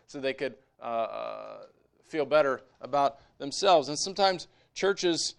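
A man preaching a sermon as pastor, moving between quiet conversational asides and raised, emphatic exhortation. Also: mid-range voice, expressive, a little slow, gravelly, smooth.

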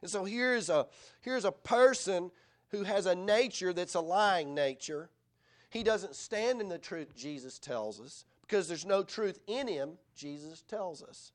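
A man's voice: high-pitched, animated, unhurried. A middle-aged male pastor preaching a sermon in an earnest, conversational way, often asking the listeners rhetorical questions.

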